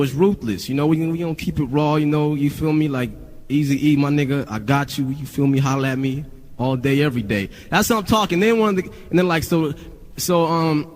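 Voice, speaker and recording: A man's voice: mid-range voice, normal speed. A male rapper telling a story in a casual, rambling, profane way, full of "you know". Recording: long reverb.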